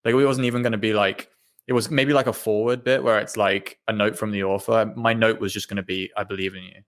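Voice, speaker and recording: A man's voice: on the low side, flat delivery, fast, a bit bright. A man co-hosting a casual podcast chat, playful and teasing, laughing easily as he talks. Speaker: co-host and ebook writer.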